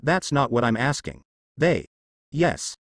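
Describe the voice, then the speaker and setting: A stiff, bewildered grown man from a storybook, as a male narrator reads him. He talks in a lively way, and the sound is dry and close. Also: medium pitch, slow, no room sound. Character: stunned adult man, father of an inventor.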